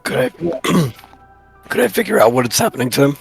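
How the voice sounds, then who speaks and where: A man playing a tabletop game with a hoarse, worn-out voice, halting and clearing his throat often. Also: medium pitch, big pitch swings, faint music behind. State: hoarse, has lost his voice. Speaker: player. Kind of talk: casual tabletop play.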